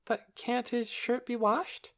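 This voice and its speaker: A man's voice: very high voice, flat delivery, slow, a bit bright, pitched above the performer's own voice, heavily acted. A man voicing a timid, curious young girl with an uncertain, earnest way of speaking in an audiobook. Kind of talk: audiobook character voice.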